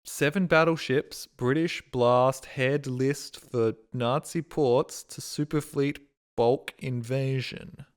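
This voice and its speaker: A man's voice: medium pitch, steady tone, slow pace, clean tone. A male streamer giving casual gaming commentary, thinking aloud, swearing freely and bragging.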